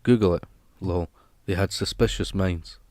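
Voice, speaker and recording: A man's voice: low voice, normal speed, darkish tone, no echo. Rambling, jokey man hosting a live stream. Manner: rambling and jokey, chatting to viewers. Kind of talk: casual live stream chat.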